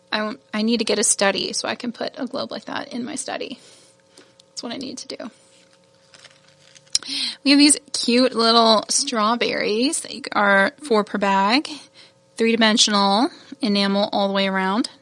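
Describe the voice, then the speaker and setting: A woman's voice: on the high side, moderate pace, long pauses, fairly bright tone, dry recording. A woman hosting a casual product showcase, chatty and gushing, laughing at her own fumbles. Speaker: shop host showing new beads.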